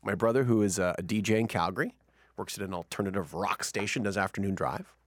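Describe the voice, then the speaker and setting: A man's voice: fast, no room sound, studio quality. A man hosting a casual radio-station chat, telling a story with lots of energy and acting out the quotes. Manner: animated, acts out quotes with big pitch jumps. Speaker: radio host.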